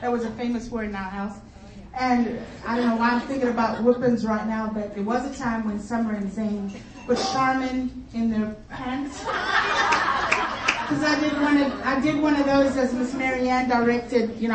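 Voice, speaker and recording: A pastor's wife in her fifties tells playful, chatty, funny stories from her life at a conference luncheon, animated throughout. Her voice is a little high, at a moderate pace. It's recorded from far off in an echoey hall, with faint crowd sounds and noise.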